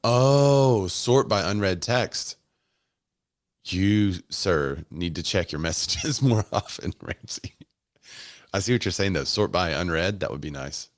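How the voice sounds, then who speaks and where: A man's voice: low-pitched, expressive, a little slow, no echo, clean studio sound. A man hosting a live stream, casually commenting on a keynote as it plays and chatting with viewers in the comments. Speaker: host.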